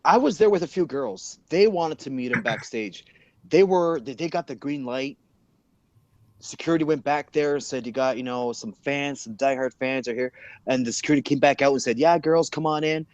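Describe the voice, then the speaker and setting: A man telling a backstage story in casual chat, animated and swearing, acting out the people he quotes. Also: medium pitch, moderate pace, muffled recording, slight background noise.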